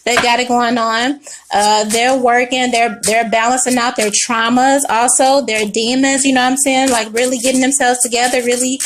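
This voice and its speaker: Woman, high voice, tarot reading, casual monologue, blunt, profane, animated. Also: normal speed, a little hiss or hum. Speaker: tarot reader.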